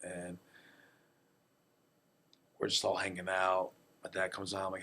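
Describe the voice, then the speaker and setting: A man who manages his family's restaurant, telling stories casually in an interview, relaxed and heavy on fillers. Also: low-pitched, a little slow.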